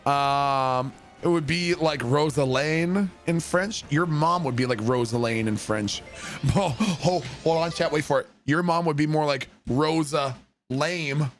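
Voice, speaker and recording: High-voiced joking male streamer. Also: a little slow, soft background music. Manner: joking, profane, teasing banter; reads viewer messages aloud. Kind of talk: casual gaming livestream chat.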